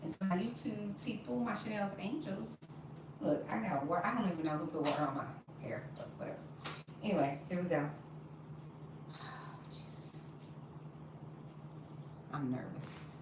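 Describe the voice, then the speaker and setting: A woman's voice: medium pitch, fairly quick, far from the mic. A woman, chatting expressively to her live-stream viewers while she bakes in her home kitchen. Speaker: vlogger baking at home. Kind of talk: casual live-stream chat. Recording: very echoey room, off-mic, noisy.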